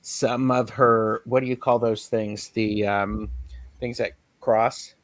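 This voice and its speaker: A man's voice: on the low side, steady tone, slow pace. A man co-hosting a live tarot stream in casual chat, rambling and circling back as he talks. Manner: rambling and chatty, with many restarts and fillers.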